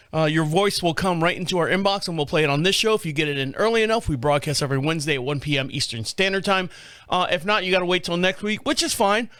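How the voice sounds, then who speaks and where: A man's voice: fairly high pitch, fairly bright tone, clean tone, no room sound. A man hosting a podcast in a studio, who talks in a casual, folksy, rambling way and jokes along as he goes. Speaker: podcast host. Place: small radio studio. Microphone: studio microphone.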